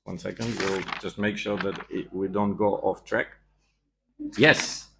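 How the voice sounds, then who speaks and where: A man's voice: sits low, steady tone, unhurried, gravelly, background noise. A man giving a scripture class in a temple, telling the story with animation and acting out the quoted lines.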